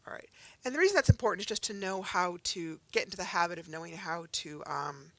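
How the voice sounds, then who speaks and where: A woman with a lowish, slightly bright voice teaches a recorded grammar lesson, talking fast and animatedly. She patiently explains each step with example sentences, checking in with "okay?" and "right?".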